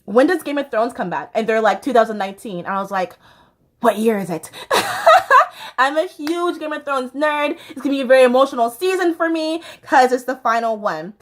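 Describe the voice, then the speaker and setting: A young American woman talks straight to her viewers in a bubbly, chatty vlog style. Her voice sits high and bright. She laughs easily, and her talk is full of little fillers. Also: expressive, brisk, few pauses. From United States. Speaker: YouTube host.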